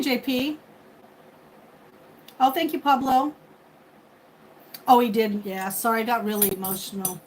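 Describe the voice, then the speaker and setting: Woman, fifties, livestream host, casual chatty talk, somewhat high pitch. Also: steady tone, a little slow, pauses often, poor audio. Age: 50s. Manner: chatty, thanks viewers by name. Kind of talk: casual live chat with viewers. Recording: faint background noise.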